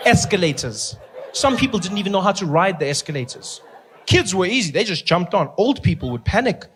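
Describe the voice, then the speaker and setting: A male stand-up comedian with a high, lively voice, telling stories in an animated way and slipping into characters. He is recorded live at a comedy venue. A faint hum of the room sits under him. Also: a little fast.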